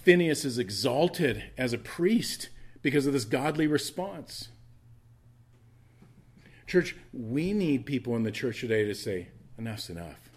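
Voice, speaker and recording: A male pastor delivering a sermon in a church, telling a Bible story with animated asides and quick character voices. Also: mid-range voice, breathy edge.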